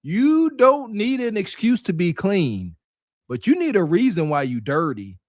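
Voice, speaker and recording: A middle-aged man co-hosting a podcast, reacting to clips in an animated, preachy way and laughing often. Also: high voice, measured pace, no echo, clean studio sound. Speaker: podcast co-host. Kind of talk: casual chat reacting to clips.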